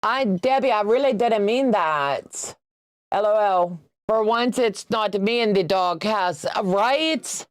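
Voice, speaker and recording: A woman in her sixties talks at an unhurried, easy pace as she hosts a sewing livestream. She keeps up chatty banter with her viewers and teases them between laughs. Her voice sounds dry and close, with little room echo. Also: medium pitch, clear, resonant tone. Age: 60s. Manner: chatty and teasing, reads out viewer comments, laughs often. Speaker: quilting livestream host. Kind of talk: casual livestream chat while sewing.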